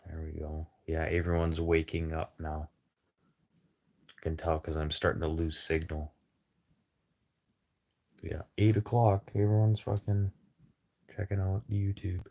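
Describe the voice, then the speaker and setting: A man talks with his viewers into a phone in a loose, rambling way, swearing freely and speaking bluntly. His voice sits a little low. He takes his time, drawling slowly through each thought. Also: little pitch movement, creaky, a little mellow. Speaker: livestreamer chatting with viewers. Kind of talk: casual rambling chat.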